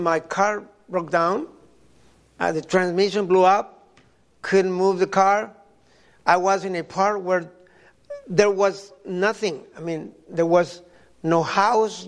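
An older man from Mexico preaching a sermon, telling personal stories in a halting way and often repeating his words. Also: high voice.

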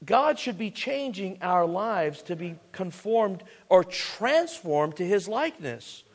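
A man's voice: high-pitched, sing-song, slow pace. A man preaching a sermon as pastor, earnest and full of restarts and asides.

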